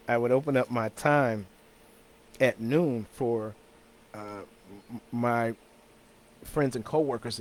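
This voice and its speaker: A man hosting his own weekly talk show, chatting casually in an easygoing, rambling way with frequent restarts and repeated words. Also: medium pitch. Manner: chuckles between thoughts. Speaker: host of a weekly talk stream.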